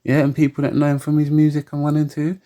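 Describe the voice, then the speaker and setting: A man's voice: fairly high pitch, monotone, fast talker, warm tone. A man ranting heatedly to camera, stammering, repeating words and asking again and again whether you get him. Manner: heated and emphatic, keeps asking for agreement. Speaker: commentator. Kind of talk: opinion rant to camera.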